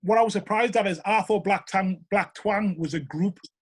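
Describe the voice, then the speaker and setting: A man's voice: sits high, normal speed, breathy edge. A middle-aged man from Newcastle with a Geordie accent, rambling through casual stories in an interview and often asking "you know what I mean?". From Newcastle, England. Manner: rambling, animated, lots of 'you know what I mean'. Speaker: interviewee, show regular.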